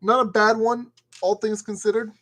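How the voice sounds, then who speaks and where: A man's voice: sits high, level tone, moderate pace, fairly bright tone. A man building a model kit and commenting casually as he works, playfully talking to the parts. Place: at a work table.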